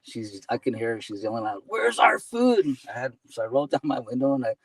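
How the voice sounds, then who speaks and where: A man's voice: mid-range voice, steady tone, fast, darkish tone, slightly rough, no echo, far from the mic, rough recording. A man chatting as a guest, telling casual stories and laughing often, with "you know" and "man" between his phrases. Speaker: guest, delivery driver. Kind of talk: casual storytelling.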